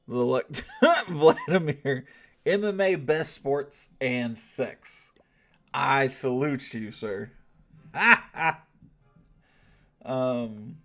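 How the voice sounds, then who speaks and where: Lively, swearing streamer man. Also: medium pitch. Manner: laid-back, swears freely, laughs often, teases chat. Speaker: streamer reading and answering chat. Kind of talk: casual livestream chat.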